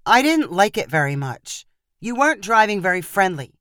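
A woman's voice: big pitch swings, fairly quick, a bit bright, smooth, no echo, studio quality. Woman voicing a wary, guarded young woman. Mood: displeased. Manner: hesitant and low-key.

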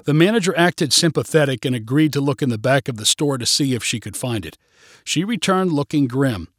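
A man narrating a short story in a clear, steady storytelling voice. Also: mid-range voice, brisk, no echo, clean studio sound.

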